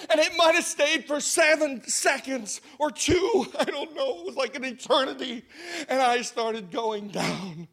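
A man telling a personal story with drama, dropping to hushed asides and rising to shouts, laughing through lines. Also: very high-pitched, measured pace.

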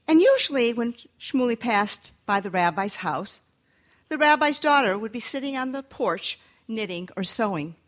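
A woman storyteller telling a folktale to an audience, lively and inviting them to join in. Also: a little high, normal speed.

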